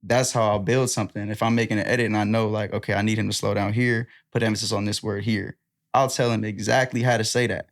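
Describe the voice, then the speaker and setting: Young man, low voice, gravelly fry, relaxed storytelling, casual podcast chat. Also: quick pace. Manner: relaxed, storytelling, quotes himself directing people. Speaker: podcast guest.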